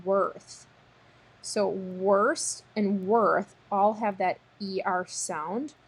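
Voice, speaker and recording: Lady teacher sounding out words real slow, kinda breathy, patient phonics lesson. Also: mid-range voice, steady tone. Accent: American. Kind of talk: recorded word-sort lesson.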